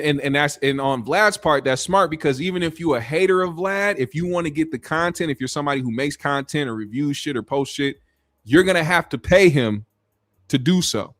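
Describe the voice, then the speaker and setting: A man's voice: medium pitch, dry recording. A man hosting a casual commentary stream, rambling in a laid-back, profane way. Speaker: show host.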